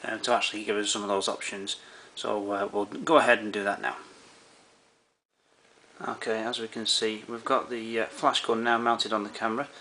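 A man presenting a camera tutorial speaks at normal speed in a lowish, level voice that sounds pushed and bright. He casually steps through the menu settings, frequently using fillers and restarting his sentences.

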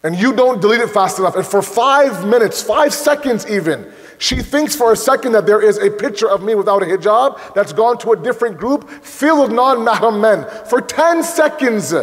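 Man preaching with a really high voice, gets emotional and shouty, big echoey hall. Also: expressive, a little fast. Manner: emotional, rising to shouted storytelling. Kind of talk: sermon.

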